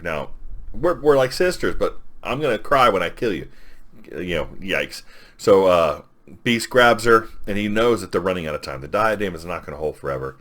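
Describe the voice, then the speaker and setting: A man's voice: deep voice, expressive, moderate pace, a bit bright. A man casually retelling a comic book story as a reviewer, with lots of fillers and quoted lines. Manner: rambling, filler-heavy recap with quoted lines.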